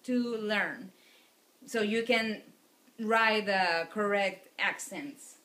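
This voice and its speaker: A woman teaching a language lecture in a slow, unhurried way, repeating each word so students can follow. Her voice is bright and a little high, and it echoes around the room. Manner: patient, repeats words for students. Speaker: Spanish teacher. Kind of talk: recorded classroom lecture.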